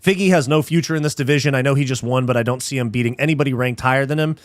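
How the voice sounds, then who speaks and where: A young man commenting live on a fight as host, excitable and easily frustrated, swearing casually and calling people dude and bro. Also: mid-range voice, very fast, no room sound, clean studio sound.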